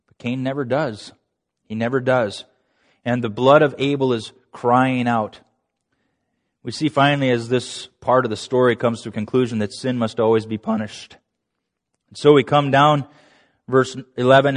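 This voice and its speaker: Animated man preaching in an echoing hall. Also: mid-range voice, unhurried. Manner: animated, laughing asides, acts out quotes. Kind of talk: sermon. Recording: long reverb of a large hall.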